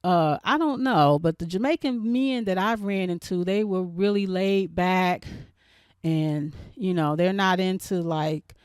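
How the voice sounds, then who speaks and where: A woman's voice: fairly low pitch, measured pace, darkish tone, smooth, dry recording, clean studio sound. A woman hosting her channel, casually recapping a TV episode in a chatty, rambling way with lots of fillers and restarts. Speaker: show reviewer and channel host.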